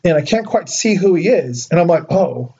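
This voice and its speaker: Young guy from socal telling a funny story, high voice, lots of likes, kinda muffled audio. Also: normal speed, husky. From Southern California. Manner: animated, laughing storyteller with filler "like". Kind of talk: casual chat.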